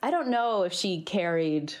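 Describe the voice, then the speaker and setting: Woman, 30s, from Philly, guest storyteller, expressive and animated. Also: a little slow. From Philadelphia. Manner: animated, acts out quotes with big pitch jumps. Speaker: podcast guest. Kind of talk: casual storytelling chat.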